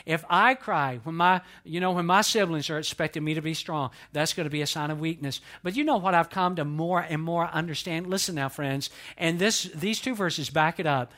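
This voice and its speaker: Earnest bright-voiced male preacher. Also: on the high side, moderate pace. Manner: earnest, emphatic preaching with call-and-response, dropping soft when emotional. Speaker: pastor. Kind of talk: sermon.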